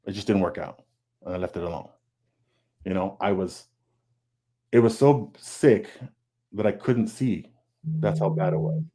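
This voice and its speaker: A comic book artist joins a casual, candid panel talk over a video call, earnest and prone to restarting, repeating words and acting out his own thoughts. His low, mellow voice is fairly even, a little slow and marked by long pauses, heard through a video call mic.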